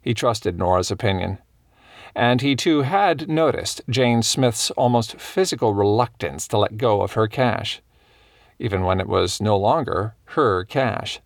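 Gravelly male audiobook narrator. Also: fairly low pitch, expressive, a little slow, no room sound, clean studio sound. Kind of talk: scripted narration of a cozy mystery.

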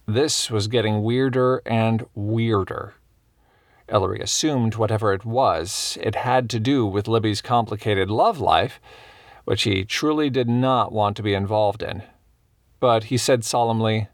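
A man narrating a cozy mystery audiobook in a measured, even manner. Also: on the low side, dry recording, studio quality.

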